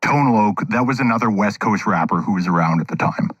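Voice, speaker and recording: A man's voice: fairly low pitch, animated, a little fast, a bit bright, dry recording, dull audio. A man narrating a documentary-style radio story in a wry, dramatic manner.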